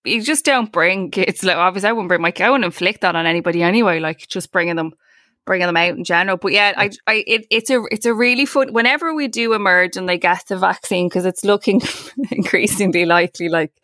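A woman's voice: fairly low pitch, fast talker, sharp tone, no room sound, clean studio sound. An Irish woman in her forties, chatting casually as a podcast co-host, swearing freely and acting out the voices in her stories. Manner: chatty, swearing, acts out quoted voices in anecdotes. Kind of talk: casual chat.

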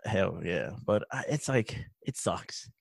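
A man hosting a podcast, chatting casually, telling animated stories and swearing freely, with Spanish phrases dropped in. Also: low-pitched, slow pace, creaky, slightly rough, dry recording, clean studio sound. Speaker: podcast host. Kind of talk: casual chat.

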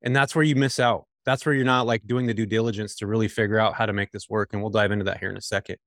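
A man's voice: lowish voice, fairly even intonation, racing, fairly bright tone, no room sound, studio quality. A middle-aged man from California, a guest on a podcast interview, talking casually and energetically straight to the listeners. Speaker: podcast guest, midterm rental investor.

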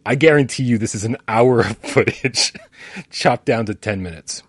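A man co-hosting a gaming podcast, chatting casually with quick asides and mock quoted voices. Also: medium pitch, slightly rough, no echo, studio quality. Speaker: gaming YouTuber and podcast co-host. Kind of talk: casual chat.

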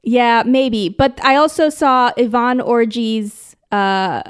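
A woman's voice: on the high side, slow pace, clear, resonant tone. Teasing, giggly woman podcast co-host. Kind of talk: casual chat.

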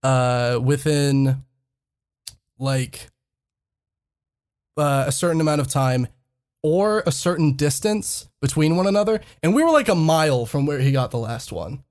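A man on a podcast spins a story in loose, casual chat, laughing through it and swearing freely. His voice sits a bit high for a man and swings widely in pitch as he tells it. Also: animated, measured pace, pauses often, darkish tone. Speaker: podcast co-host.

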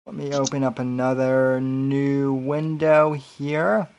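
A man's voice: mid-range voice, little pitch movement, slow, a little mellow, smooth. A man hosting a casual late-night podcast stream, hesitant and full of fillers and restarts. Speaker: podcast host.

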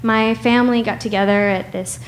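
A woman's voice: a little high, steady tone, fairly quick, slight background noise. A woman from the United States telling a personal story with wry humor and frequent laughs.

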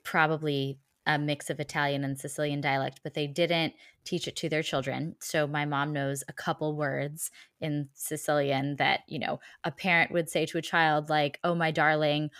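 Low-voiced woman interviewer, dry sound. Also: level tone, normal speed, few pauses, a bit bright, no echo. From United States. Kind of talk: conversational interview.

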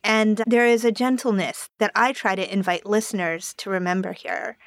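Soft-spoken woman podcast host, measured and thoughtful, middle pitch, dry close sound. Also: fairly even intonation, dry recording. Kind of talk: calm reflective conversation.

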